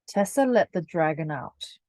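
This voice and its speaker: A woman reading a children's picture book aloud in a clear, measured way. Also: on the low side, animated, a little mellow, no echo. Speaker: storyteller.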